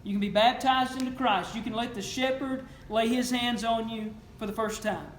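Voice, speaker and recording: High-voiced preacher, echoey church. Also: male voice, fairly even intonation, moderate pace. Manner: earnest, questioning, storytelling. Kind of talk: sermon. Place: church sanctuary. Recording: echoey church room, faint noise.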